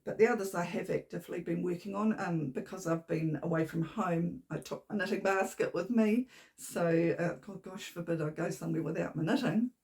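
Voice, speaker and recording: A woman's voice: fairly low pitch, fairly quick, vocal fry, darkish tone. A woman, hosting a knitting podcast from home in a chatty, rambling way, her voice a little shaky. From New Zealand. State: slightly shaky voice. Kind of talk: casual chat. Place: home room. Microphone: camera on a tripod.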